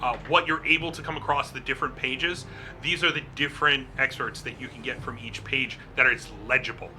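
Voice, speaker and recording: Bright-voiced man running a tabletop game. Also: medium pitch, steady tone, brisk, slight background noise. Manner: casual, laughing, swears. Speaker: game master.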